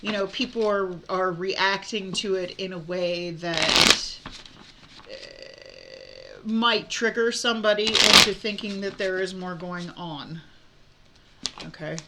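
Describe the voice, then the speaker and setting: A woman's voice: medium pitch, fairly even intonation, takes it slowly, heavy background noise. A woman giving a casual tarot reading, talking frankly with many fillers and restarts. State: hiccups. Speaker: tarot reader.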